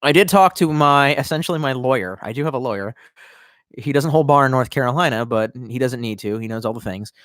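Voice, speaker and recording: A man's voice: medium pitch, a little fast, a bit bright, dry recording, clean studio sound. A young man ranting casually to his live chat, profane and rambling. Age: young adult. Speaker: live streamer.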